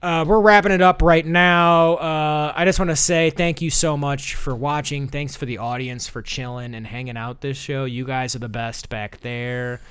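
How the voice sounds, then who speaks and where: A man's voice: mid-range voice, steady tone, moderate pace, few pauses, a bit bright, smooth. A young man hosting a live-streamed comedy show, rambling with lots of fillers and reading out chat messages. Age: young adult. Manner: rambling, filler-heavy, upbeat. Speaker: host.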